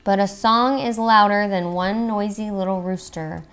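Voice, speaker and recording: Galito, a mom doing a merry stubborn rooster. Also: female voice, mid-range voice, measured pace, a bit bright, smooth, soft background music. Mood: brave. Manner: cheerful, determined. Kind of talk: storybook read-aloud.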